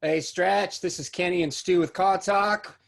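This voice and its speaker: Brief: folksy car-advice radio host, a man putting it on, Northeastern accent, hearty and loud. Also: sits high, fairly even intonation, measured pace, creaky, a little hiss or hum, voice pushed up. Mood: jovial. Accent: Northeastern US, put on. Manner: jovial, folksy radio patter.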